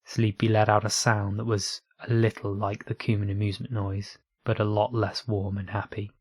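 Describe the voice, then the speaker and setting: Brief: male narrator, low, flat delivery, husky, dry close mic. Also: moderate pace, no echo. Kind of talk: audiobook reading of online fiction.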